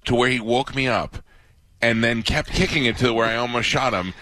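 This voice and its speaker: A man hosting a radio talk show, telling stories in a casual, animated way. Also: mid-range voice, normal speed, dry recording. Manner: storytelling, animated quotes.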